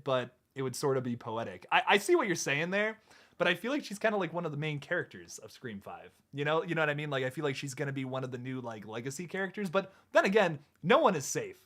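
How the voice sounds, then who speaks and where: A man hosting a casual live stream chat, excitable, laughing often and restarting his sentences. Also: mid-range voice. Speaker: host.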